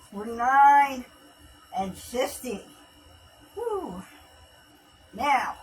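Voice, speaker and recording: A woman's voice: fairly high pitch, fairly bright tone, distant mic, slight background noise, rough recording. A woman hosting a live home workout stream, counting reps aloud and chatting casually while she exercises, a little out of breath. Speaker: fitness livestream host. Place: home workout space, livestream.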